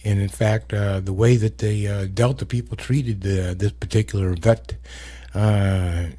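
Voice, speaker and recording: A man's voice: fairly low pitch, fairly even intonation, measured pace, dark tone. A man hosting a talk show, giving blunt, profane commentary full of fillers and asides. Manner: blunt, profane, laughs at own jokes; many fillers and trailing asides. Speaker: host. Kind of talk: casual commentary.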